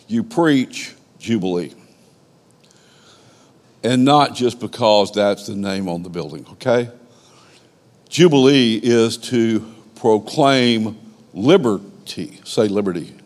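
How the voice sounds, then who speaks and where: A man's voice: fairly low pitch, a little mellow, in a large hall. A man preaching a sermon as the pastor of a church, with an emphatic, repetitive cadence. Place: church sanctuary.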